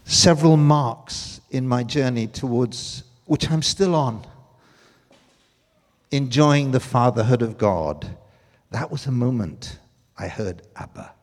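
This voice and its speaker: Older man preaching with lively swings. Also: medium pitch, takes it slowly, in a large hall. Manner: emotional storytelling with big swings from loud to hushed. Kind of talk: sermon.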